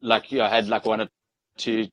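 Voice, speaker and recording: A man's voice: lowish voice, flat delivery, brisk, dull audio. A young South African man with a South African accent, telling stories in a rambling, laid-back way as a guest on an interview show. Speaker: guest, ultra trail runner. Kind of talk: casual interview storytelling.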